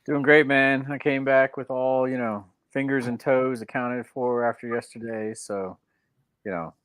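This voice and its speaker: A man's voice: medium pitch, steady tone, measured pace, a bit bright, clean tone, no echo. A man co-hosting a sports betting show, laid-back and teasing, laughing easily. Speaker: co-host. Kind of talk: casual sports betting talk.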